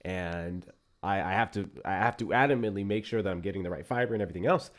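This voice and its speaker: A man hosting a casual political livestream, talking in an animated, profane, mocking way. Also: low voice, fast. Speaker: livestream host.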